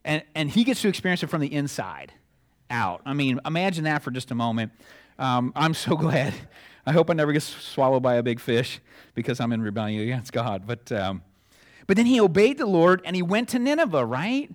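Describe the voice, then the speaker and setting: Middle-aged male pastor, relaxed conversational sermon delivery with playful acted-out exchanges. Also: on the high side, brisk. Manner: conversational, chuckling asides, acts out dialogue.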